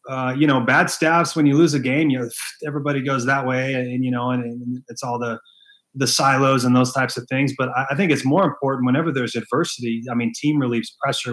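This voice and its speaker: Brief: male coach guest, earnest, mid-pitched, restarts phrases as he talks. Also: a bit bright, rough recording. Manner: earnest, restarts phrases, repeats words for emphasis. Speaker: head baseball coach, podcast guest. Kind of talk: casual interview talk.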